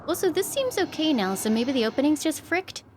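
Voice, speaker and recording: A woman's voice: sits high, big pitch swings, brisk, slight background noise. A young woman streaming a game live from home, chatting loosely, laughing often and thanking viewers by name. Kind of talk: live gameplay commentary. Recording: game music playing behind. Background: game music.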